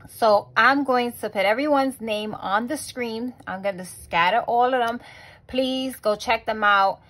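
A young adult woman and mother hosting a budgeting vlog, talking casually with lots of fillers and restarts, and quietly counting money under her breath. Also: fairly high pitch, a little slow, rough recording. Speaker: budgeting channel host.

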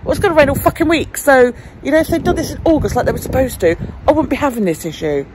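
A woman's voice: sits high, big pitch swings, quick pace, noisy background. A woman vlogging casually, venting her frustration and swearing freely. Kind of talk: casual vlog monologue.

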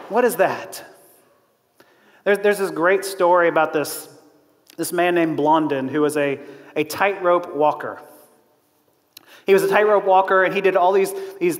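A man preaching a sermon as pastor, telling a story in an animated way, laughing often and acting out the quotes. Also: high-pitched, long reverb tail. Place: church auditorium.

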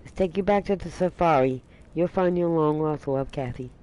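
A man's voice: fairly high pitch, moderate pace, darkish tone, poor audio. A man hosting a livestream, chatting casually and teasing with frequent laughter. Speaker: livestream host.

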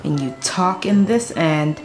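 Upbeat vlogging mom with lively pitch. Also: female voice, unhurried, music in the background. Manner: upbeat, explaining things to her kids. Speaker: family vlog mom. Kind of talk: casual family vlog chat.

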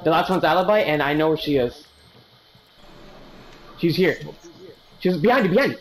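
A man's voice: fairly high pitch, lively intonation, normal speed, rough recording. Young man joking over game chat. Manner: joking, profane, calls out enemy positions. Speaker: gamer calling out plays.

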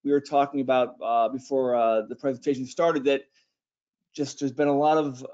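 A man's voice: medium pitch, steady tone, moderate pace, darkish tone. A man co-presenting a trade webinar in a loose, chatty way with many fillers. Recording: dull lo-fi audio.

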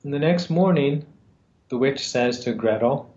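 A man retelling a fairy tale for a lesson, speaking in a slow, halting way with pauses and fillers. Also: mid-range voice, darkish tone. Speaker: storyteller and teacher. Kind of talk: storytelling in a lesson. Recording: roomy, slightly dull sound.

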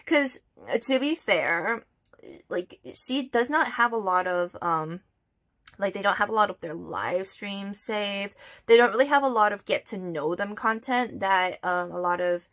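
A young woman talks straight to her viewers in a casual storytime vlog. She is chatty and animated, packing her story with fillers. Her pitch sits in an ordinary middle range for a woman. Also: measured pace. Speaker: vlogger.

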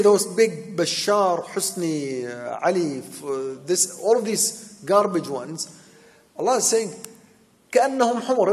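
A man's voice: high voice, a little mellow, long reverb tail. A man giving an impassioned, emphatic sermon that explains Quran verses, breaking into Arabic recitation. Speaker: preacher.

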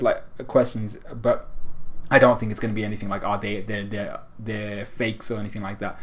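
A man's voice: on the low side, darkish tone. A young man casually recapping a comic chapter, rambling with fillers and restarts. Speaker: manga reviewer.

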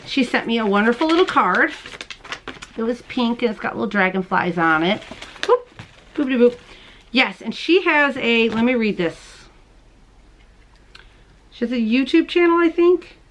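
Showing off gifts and mail on camera, the host of a crochet podcast chats from home late at night, gushing excitedly over small things while handling the camera herself. She has a fairly high, bright, expressive voice at normal speed with long pauses, and the rough recording carries some hiss or hum.

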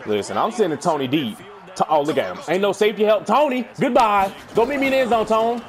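A man's voice: high-pitched, expressive, quick pace, background noise. Hyped young man trash-talking over a game. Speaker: gaming YouTuber. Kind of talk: live gameplay commentary.

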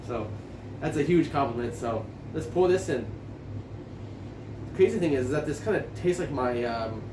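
A man's voice: medium pitch, noisy background. A man telling a rambling, stammering, profane story while reviewing a beer in a casual vlog. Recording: echoey room, distant from mic.

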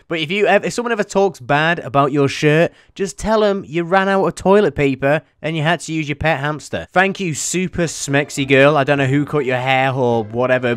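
A man's voice: medium pitch, fairly bright tone. A young man giving sarcastic, mocking reaction commentary as a YouTube host. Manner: sarcastic, mocking, often laughing.

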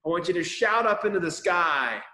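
A man's voice: high-pitched, moderate pace. Man telling a chapel story to kids. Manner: lively storytelling for kids, acts out quotes. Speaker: school chaplain. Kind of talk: children's chapel talk. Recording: roomy echo.

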